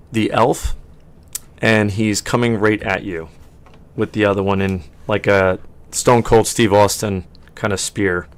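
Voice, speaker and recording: A man's voice: fairly low pitch, clean tone. A man narrating as game master of a tabletop game, rambling and often correcting himself.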